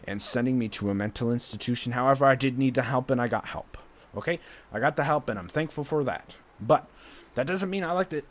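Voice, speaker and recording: A young man in an emotional monologue to his mother, confrontational and rambling, with many fillers. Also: medium pitch.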